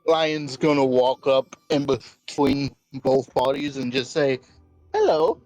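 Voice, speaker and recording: A man playing a tabletop game, playful and deadpan, swearing casually. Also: medium pitch, slow pace, dry recording, soft background music, low-quality recording. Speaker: player. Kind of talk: tabletop role-play chat.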